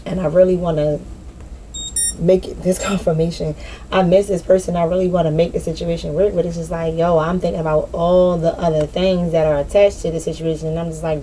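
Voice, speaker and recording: Woman, casual spiritual vlog monologue, blunt and profane, slangy; lowish mellow voice, faint outdoor ambience. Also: a little hiss or hum, rough recording. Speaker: spiritual vlogger. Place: outdoors in nature.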